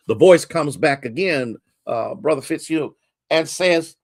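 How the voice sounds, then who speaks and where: A man's voice: on the high side, normal speed, dry recording, studio quality. A male pastor preaching a sermon, repeating key lines for emphasis and greeting listeners by name.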